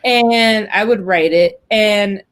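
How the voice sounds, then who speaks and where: The audio is poor as a woman, hosting a casual web talk show, slowly recounts a long story about looking for work. Her voice is mid-range, and her chatty delivery is full of fillers.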